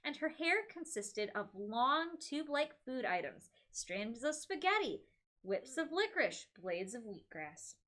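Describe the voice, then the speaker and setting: A woman's voice: on the high side, very animated, unhurried, sharp tone. A young woman reading a novel aloud on a comedy podcast, breaking off for amused, chatty asides. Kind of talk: comedic read-aloud with commentary.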